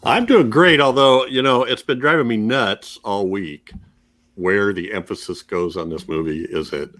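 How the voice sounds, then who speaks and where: A man's voice: lowish voice, unhurried, fairly bright tone. A man co-hosting a casual review chat, joking and toying with how words are stressed. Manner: joking, playing with word emphasis. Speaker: co-host.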